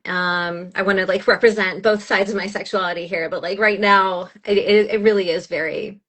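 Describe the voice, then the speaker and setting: A woman in her thirties, an audiobook narrator chatting as a guest, animated and gushing, laughing often as she talks. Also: mid-range voice, moderate pace. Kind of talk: casual chat.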